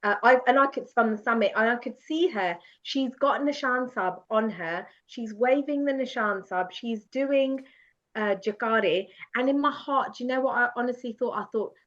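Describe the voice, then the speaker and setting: A woman guest telling a personal story in a lively, self-mocking way, often laughing as she goes. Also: a little high, normal speed. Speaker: podcast guest. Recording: dull lo-fi sound.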